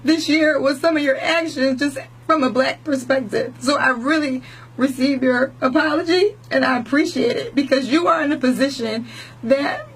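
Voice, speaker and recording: Earnest high-voiced woman radio host. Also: moderate pace, poor audio. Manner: earnest, heartfelt, repeats herself. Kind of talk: on-air radio interview. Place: radio studio.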